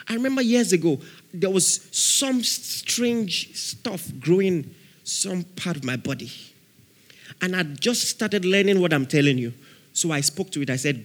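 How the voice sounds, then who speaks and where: A man preaching a sermon as pastor, acting out voices in his stories and shouting example prayers. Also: high voice, animated, unhurried. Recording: long hall reverb.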